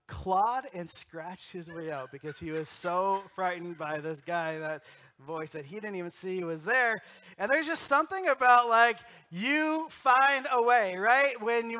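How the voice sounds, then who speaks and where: A middle-aged man, a pastor, preaching a sermon in a church and telling stories, moving between loud emphasis and quiet, close moments. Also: high-pitched. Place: church sanctuary.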